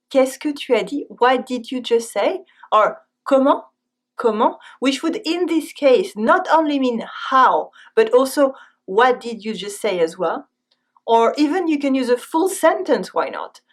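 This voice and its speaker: A woman with a French accent giving a scripted language lesson, saying example phrases twice and then translating them. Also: sits high. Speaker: French teacher.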